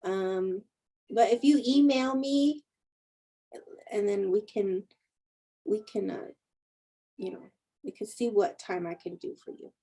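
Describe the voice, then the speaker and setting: A woman's voice: mid-range voice, slow, pauses often, mellow, rough recording. A woman spiritual teacher in a casual livestream chat, telling stories and laughing often. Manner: chatty storyteller, laughs often. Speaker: spiritual teacher and intuitive healer.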